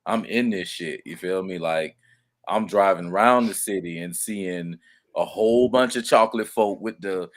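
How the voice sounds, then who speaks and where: Laid-back deep-voiced man. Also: a little slow. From Georgia. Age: 30s. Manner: laid-back, slangy, talks in asides. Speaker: guest caller. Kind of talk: casual chat.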